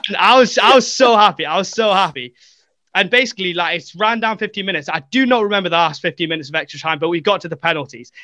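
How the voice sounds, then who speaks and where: A man's voice: high-pitched, fast, pushed and bright, no room sound. Young man, casual podcast guest, acts out quotes, filler-heavy, dry sound. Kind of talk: casual storytelling.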